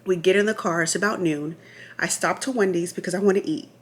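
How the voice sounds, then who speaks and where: A woman vlogger telling the story of her labor in a chatty, animated way, full of asides and restarts, sometimes checking her notes. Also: lowish voice, quick pace. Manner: reads from notes at times. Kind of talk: casual storytelling to camera.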